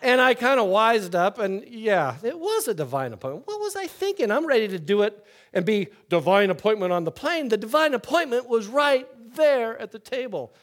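An older man who serves as pastor delivers a sermon at a normal pace, telling it like a chatty story. He swings between loud, lively passages and quiet, low ones.

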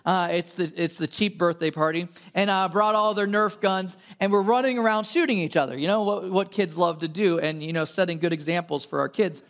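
This male pastor speaks fairly quickly in a high, slightly bright voice, with hardly any pauses. His sermon is conversational and story-driven, loaded with fillers and rhetorical questions.

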